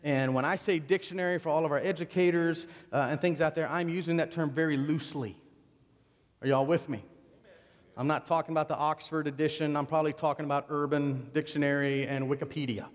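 A man's voice: a little high, steady tone, fairly quick, in a large hall. A man preaching a sermon to his congregation in a conversational, joking way. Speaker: pastor. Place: church sanctuary.

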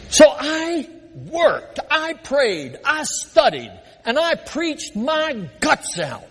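Lively older man preaching in a church. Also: very high-pitched, extremely slow. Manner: animated, self-mocking storyteller. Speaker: pastor. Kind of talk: sermon with personal stories. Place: church sanctuary. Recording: long reverb of a church hall.

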